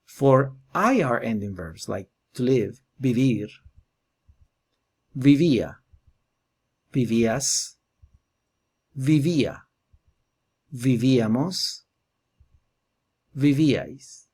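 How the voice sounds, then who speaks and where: A man teaching a Spanish grammar lesson, slowly drilling verb forms one at a time. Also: mid-range voice, lively intonation, a little mellow, breathy edge. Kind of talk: slow explanatory grammar lesson.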